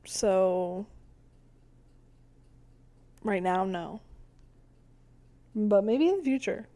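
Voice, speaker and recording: A woman co-hosting a podcast, chatting casually in a laid-back way and letting her sentences trail off quietly. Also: mid-range voice, lively intonation, very slow. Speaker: podcast co-host. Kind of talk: casual chat.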